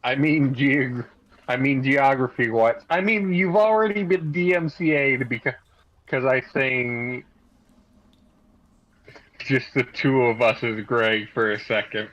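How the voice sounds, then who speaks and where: A man's voice: mid-range voice, slow, a bit bright, highs cut off. A man playing a tabletop game, describing his character's actions and arguing points at length. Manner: rambling, argumentative. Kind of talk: casual play and banter.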